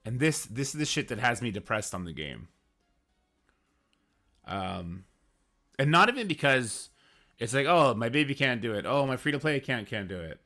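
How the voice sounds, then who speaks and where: A man's voice: mid-range voice, sing-song, moderate pace, pauses often, pushed and bright, soft background music. A man streaming about a mobile game, ranting in an emphatic, frustrated way and swearing now and then. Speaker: gaming streamer. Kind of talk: casual ranting commentary.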